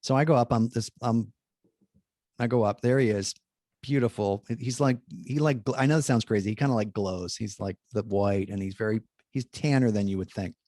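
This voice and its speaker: A man's voice: lowish voice, moderate pace, dark tone, dry recording. Chatty man telling a story, dry sound. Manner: chatty, many fillers and restarts, acts out dialogue. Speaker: Jesuit priest, guest speaker. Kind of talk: animated anecdote telling.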